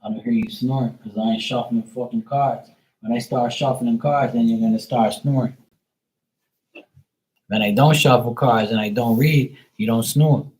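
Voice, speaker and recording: A man's voice: medium pitch, steady tone, moderate pace, darkish tone, rough recording. A man hosting a livestream, rambling casually with lots of swearing and talking to his dog. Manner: loose and profane, rambling, chatting to a pet and viewers. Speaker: tarot reader livestream host. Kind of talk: casual chat.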